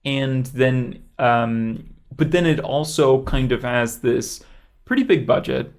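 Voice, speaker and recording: A man's voice: mid-range voice, slow pace. A young man co-hosting a casual movie review podcast, rambling with lots of fillers and hedges. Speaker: podcast co-host.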